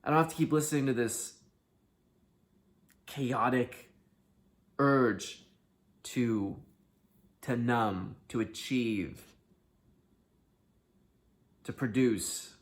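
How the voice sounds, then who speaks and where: This self-help video host has a mid-range voice, stretches out his words and pauses often. Addressing the camera candidly, he moves from hushed sincerity to loud, emphatic outbursts and swears freely.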